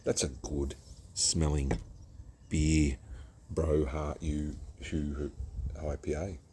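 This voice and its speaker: A man's voice: extremely low pitch, flat delivery, takes it slowly, dark tone, a little hiss or hum. An Australian man reviewing a craft beer outdoors at home, chatty and self-mocking, rambling from one topic to the next. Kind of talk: casual rambling vlog.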